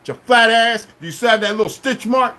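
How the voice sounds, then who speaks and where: A man ranting on a livestream at his chat, confrontational and full of cursing, swinging between shouting and low muttering. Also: brisk. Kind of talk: profane livestream rant.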